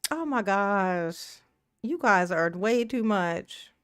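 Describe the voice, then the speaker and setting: A woman's voice: mid-range voice, lively intonation, takes it slowly, a bit bright, clean tone, dry recording, studio quality. A woman hosting a casual live stream, reading viewer comments aloud, laughing often and talking in a slangy, emotional way. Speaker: livestream commentary host.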